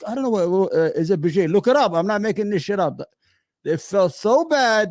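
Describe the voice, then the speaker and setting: A man's voice: high-pitched, darkish tone, no room sound. A middle-aged man giving heated, sarcastic commentary on clips he plays, stammering and restarting as he talks. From New York. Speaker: commentary host reacting to clips.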